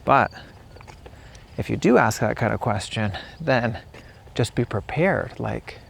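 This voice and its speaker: A man teaching English outdoors while on a walk, speaking in an unhurried way and repeating example phrases to show how they sound. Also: mid-range voice, animated, vocal fry, breathy edge. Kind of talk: casual spoken lesson.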